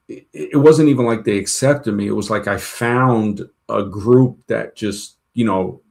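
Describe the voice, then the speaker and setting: A man telling long personal stories in a casual chat, rambling with many restarts and retold dialogue. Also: fairly low pitch. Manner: rambling, full of restarts and "she goes" retellings.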